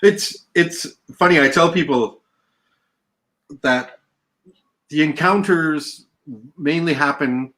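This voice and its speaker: Relaxed man explaining as a guest. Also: a little high, slow pace, pauses often. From British Columbia, Canada. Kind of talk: explaining in an interview.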